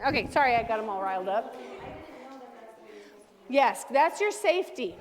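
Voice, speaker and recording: A woman dog trainer leading a hands-on class, giving brisk, direct commands to owners and their dogs. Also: high voice, animated. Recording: long reverb from a large room.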